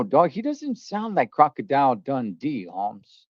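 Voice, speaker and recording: A man's voice: on the high side, very animated, a little slow, hardly any pauses, no echo, lo-fi sound. A man, talking in a blunt, slangy, skeptical way as a trucker streamer reacting to a video. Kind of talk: casual reaction commentary.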